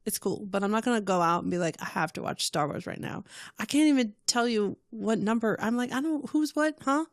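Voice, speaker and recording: A woman guest in a casual podcast chat, bubbly and given to squealing when she quotes her own excitement. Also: medium pitch, a little fast, no room sound, studio quality.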